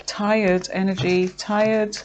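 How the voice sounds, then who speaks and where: A woman giving a casual tarot reading, chatty and filled with fillers, talking to herself as she pulls cards and sometimes slowing down to draw out her words. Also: medium pitch, level tone, noisy background. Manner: chatty, with frequent fillers and self-talk. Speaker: tarot reader.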